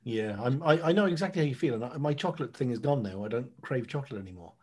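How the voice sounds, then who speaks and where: A man's voice: mid-range voice, lively intonation, fast, darkish tone, breathy edge. An Irish man chatting on a podcast, laid-back and jokey, swearing casually. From Ireland. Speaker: podcast guest. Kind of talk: casual chat.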